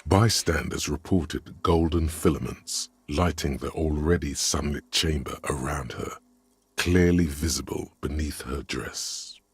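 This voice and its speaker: An actor playing a grave male storyteller, reading scripted game narration in a slow, measured way. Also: breathy edge, no room sound, heavily acted. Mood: solemn. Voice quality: very deep and measured.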